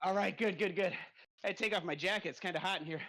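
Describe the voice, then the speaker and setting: A man's voice: sits high, fast, fairly bright tone, dry recording. A middle-aged man hosting a live podcast while riding, out of breath, upbeat and chatty with lots of restarts. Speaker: podcast host. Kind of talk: live podcast on a bike trainer. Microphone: desk mic on a stand.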